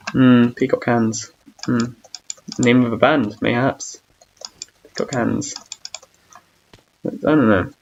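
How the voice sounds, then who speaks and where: A young streamer with a gravelly, mid-pitched voice rambles through casual gaming commentary, mocking his own awkwardness and drifting into humming and singing between lines. The dull, lo-fi audio carries faint keyboard clicks and slight background noise.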